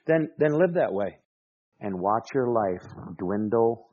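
A man preaching a sermon as pastor, emphatic, dropping soft and then rising to loud exclamations. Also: medium pitch, lively intonation, slow. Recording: dull lo-fi recording.

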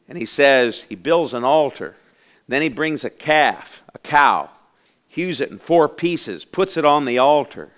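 A man's voice: medium pitch, expressive, measured pace, a bit bright. A man preaching a sermon in a church, telling the story in a fiery, dramatic way and acting out the voices of the people in it. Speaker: pastor.

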